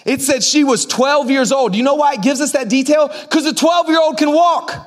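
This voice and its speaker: A man with a notably high voice delivers a sermon to a congregation in a church. He is emphatic and animated, dropping to quiet asides and then rising to shouted commands. He jokes easily with the people in the seats. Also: normal speed. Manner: joking with the congregation. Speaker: pastor. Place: church sanctuary before a congregation.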